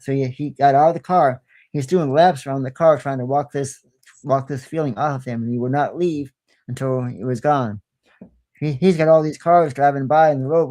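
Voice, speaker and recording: A man's voice: mid-range voice, a little fast, darkish tone. A man who is a guest on a paranormal podcast, telling stories in a folksy, plain-spoken way and often repeating himself. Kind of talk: casual storytelling.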